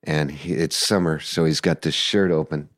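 An older man telling stories in a casual interview, animated and acting out voices and sounds. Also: extremely low pitch, normal speed, no room sound, studio quality. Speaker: guest musician recalling the past.

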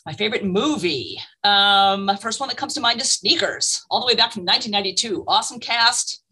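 A woman speaking as a guest expert in an interview, talking in an energetic, emphatic way. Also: mid-range voice, fairly quick, husky, poor audio. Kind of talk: casual interview conversation.

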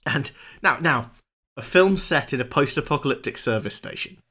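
A man co-hosting a film podcast, chatty and quick to laugh as he explains things at length. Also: medium pitch, lively intonation, pushed and bright. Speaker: podcast host. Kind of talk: casual film chat.

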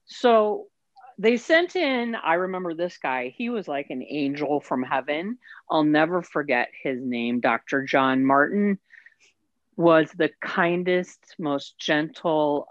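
A woman's voice: low voice, slow pace, dry recording, lo-fi sound. A woman telling her own story as an interview guest, candid and emotional. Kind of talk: personal storytelling.

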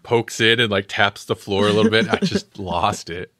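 A man co-hosting a podcast talks casually about movies, acting out scenes with quoted voices. His fairly low, slightly bright voice swings hugely in pitch at a normal pace, captured as dry, clean studio sound.

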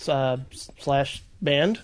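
A man's voice: mid-range voice, slow pace, clean tone. A man co-hosting a casual podcast chat, reading a listener letter aloud with laughing asides. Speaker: podcast co-host.

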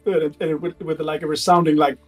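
A man narrating as game master of a tabletop game, animated and laughing often, halting with fillers. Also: on the high side, soft background music, low-quality recording.

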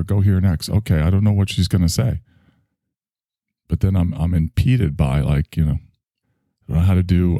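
Speaking to viewers online in a loose, self-reflective ramble full of swearing, the stream host has a lowish, warm voice. The recording is dry and of studio quality.

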